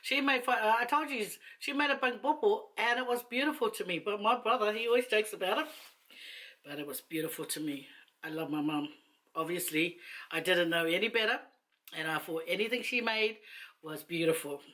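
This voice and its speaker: A woman's voice: medium pitch, brisk, pushed and bright. A woman chatting casually to camera while eating, rambling and laughing between asides. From New Zealand. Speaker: mukbang vlogger.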